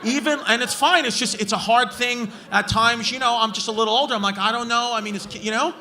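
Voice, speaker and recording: Speaking at a quick pace with a sharp tone and a very high pitch, this man works the crowd as a stand-up comedian, loudly and profanely ridiculing hecklers. It's a live recording from a large comedy club, crowd noise included, and the audience can be heard laughing.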